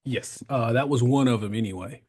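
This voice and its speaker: A man's voice: mid-range voice, a little fast, darkish tone, slightly rough. A man in his thirties, a podcast guest, telling his story in casual conversation, laughing often and acting out the voices he quotes.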